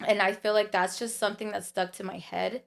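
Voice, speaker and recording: A woman's voice: mid-range voice, fairly even intonation, fairly quick, creaky. A young woman telling personal stories in casual chat as a podcast guest, full of fillers and acted-out quotes. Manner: storytelling with many fillers and quoted voices.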